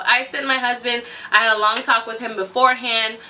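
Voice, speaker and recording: A young woman tells a story to her camera, lively and animated, slipping into the voices of others. Her voice is bright and a little high. She sits a little away from the mic. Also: a little fast, few pauses, distant mic, slight background noise. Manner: animated, acts out quotes with big pitch swings, laughs often. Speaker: vlogger.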